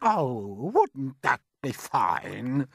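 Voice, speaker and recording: A man voicing a vain, shrill old aunt in a storybook reading, preening and sing-song. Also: big pitch swings, very slow, gravelly, a bit bright, husky, no echo, exaggerated voice. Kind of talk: storybook character voice.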